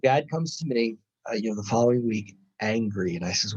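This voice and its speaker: A man's voice: mid-range voice, moderate pace, breathy edge, highs cut off. A man lecturing to students, telling a story from his clinical work and acting out the dialogue as he goes. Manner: animated retelling with quoted dialogue.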